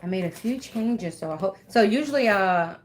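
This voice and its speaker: A woman's voice: medium pitch, expressive, moderate pace. A woman in her thirties chatting casually with viewers while she sews at home, laughing often and talking to them by name. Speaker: bag maker live-streaming while sewing. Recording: echoey room.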